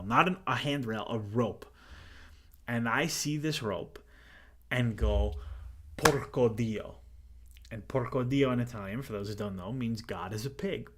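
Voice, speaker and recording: A man's voice: fairly low pitch, fairly bright tone. A man who grew up in Canada, hosting a podcast, talking about football in a rambling, chatty way with many fillers. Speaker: podcast host. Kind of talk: casual football chat.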